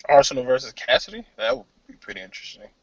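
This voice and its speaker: A man's voice: mid-range voice, very animated, fast, husky, no echo, dull audio. A man hosting a casual hip hop podcast, laid-back and slangy, talking over an online call from outdoors behind a store. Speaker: podcast host.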